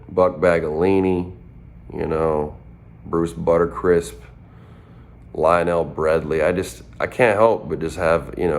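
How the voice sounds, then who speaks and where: Very deep gravelly laid-back man. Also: darkish tone. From southern Minnesota. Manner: laid-back, drawling and playful. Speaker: rapper answering fan questions. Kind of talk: casual chat.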